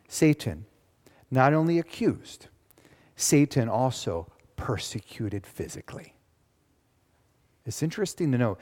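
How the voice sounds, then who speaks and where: Animated male pastor preaching. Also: mid-range voice, unhurried, pauses often. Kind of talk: sermon. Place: church sanctuary. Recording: long reverb of a church.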